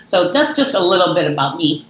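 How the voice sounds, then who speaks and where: A woman's voice: on the low side, brisk. Woman guest in a very echoey room. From Chicago suburbs, USA. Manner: chatty, animated storyteller with fillers. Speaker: guest, business founder. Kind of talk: casual interview storytelling. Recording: very echoey, dull lo-fi remote audio.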